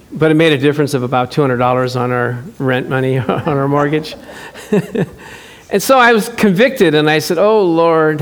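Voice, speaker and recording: Man, pastor, high voice, animated sermon, church. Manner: animated storytelling, acts out quotes, laughs often.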